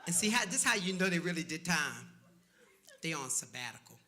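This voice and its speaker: A man's voice: a little high, very animated, a little fast, crowd noise, background noise. A man who is a pastor, telling stand-up stories in a church setting with punchy asides and calls to the audience. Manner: storytelling with punchy asides and audience call-outs. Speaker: pastor doing stand-up comedy. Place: church stage before a live audience.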